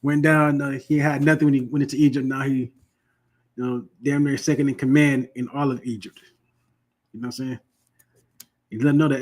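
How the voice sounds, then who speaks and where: A man leading a Bible class, reading verses slowly and then retelling them in loose, slangy everyday talk. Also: mid-range voice, little pitch movement. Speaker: Bible study teacher. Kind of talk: scripture reading and casual explanation.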